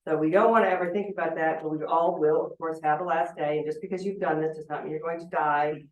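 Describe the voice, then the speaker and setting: A woman's voice: deep voice, steady tone, fast talker. A woman in her sixties, a judge presenting a seminar, talking candidly and telling a personal story in a chatty way. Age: 60s. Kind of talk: public talk with personal anecdote. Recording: roomy hall, picked up from a distance.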